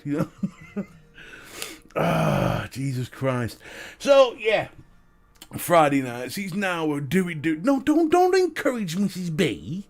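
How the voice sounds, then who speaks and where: A man with a Northern English accent hosting a casual live stream, chatting and greeting viewers and laughing often. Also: a little high. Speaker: live-stream host and vape reviewer.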